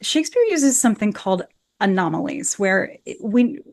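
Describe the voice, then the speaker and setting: A woman's voice: medium pitch, animated, moderate pace, darkish tone, no echo. A woman who acts and coaches, explaining verse with enthusiasm in a podcast interview and chanting beats to show rhythm. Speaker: actor and Shakespeare coach.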